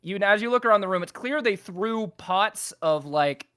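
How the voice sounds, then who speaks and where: A man's voice: high-pitched, animated, moderate pace, bright, forceful tone, clear, resonant tone, dry recording, studio quality. A young man narrating as game master, rambling with many fillers and restarts.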